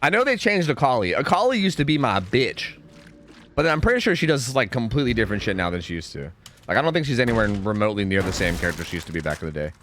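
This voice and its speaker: A man's voice: medium pitch, very animated, fast, noisy background. A young man streaming a game, chatting casually and rambling through answers to chat, often stumbling and repeating words.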